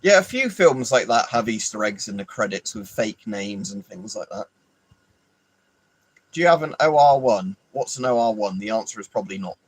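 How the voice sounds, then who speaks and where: A man's voice: on the low side, lively intonation, normal speed, breathy edge, dry recording, rough recording. An Englishman hosting a casual livestream, rambling, swearing freely and answering viewers by name. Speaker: livestream host. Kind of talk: casual live chat.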